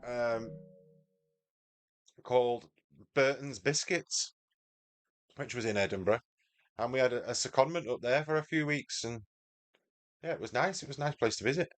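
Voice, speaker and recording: A man's voice: mid-range voice, moderate pace, pauses often, soft background music. A man with a Mancunian accent, commentating his live sim-racing stream and chatting with viewers by name. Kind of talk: live gameplay commentary and chat.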